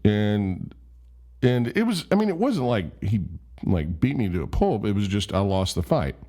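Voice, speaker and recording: Guy, very low voice, rambling self-deprecating storyteller. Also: sing-song, moderate pace, warm tone. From Memphis, USA. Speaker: vlogger. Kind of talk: casual storytelling.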